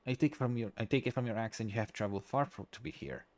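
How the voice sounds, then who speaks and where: A man's voice: mid-range voice, fast, natural voice. A man voicing a wary, curious male Irish investigator, reading game dialogue aloud in plain, direct questions. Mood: questioning.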